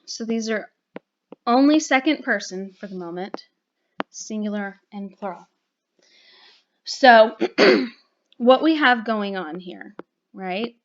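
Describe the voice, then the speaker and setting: A woman's voice: medium pitch, expressive, slow, long pauses, highs cut off, a little hiss or hum. A woman teaching a recorded grammar lesson, explaining patiently and checking in with "okay?" and "right?".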